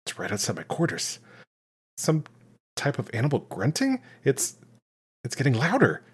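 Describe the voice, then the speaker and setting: A man's voice: medium pitch, huge pitch swings, moderate pace, slightly rough, exaggerated voice. A man playing a jumpy starship captain. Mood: uneasy. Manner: hushed, jumpy log entry. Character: uneasy male starship captain recording a log. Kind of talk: comedic sketch narration.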